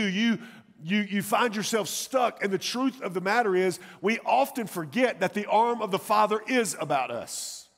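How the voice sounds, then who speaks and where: A man in his thirties preaching a sermon to his church, telling a family story with animated swings between loud and hushed delivery. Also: high-pitched. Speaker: pastor. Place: church sanctuary. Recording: church hall with long reverb.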